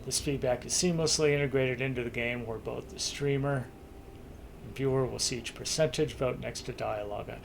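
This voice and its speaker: A man's voice: medium pitch, steady tone, normal speed, creaky, a little hiss or hum. A man hosting his live stream, chatting casually and a little tired, often restarting his sentences. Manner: rambling, restarts mid-thought, chuckles. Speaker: streamer hosting a talk segment.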